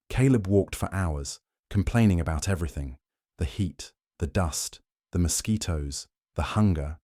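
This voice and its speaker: A man narrating a scripted moral fable in a measured, dramatic way. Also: low voice, a little mellow, no echo, clean studio sound.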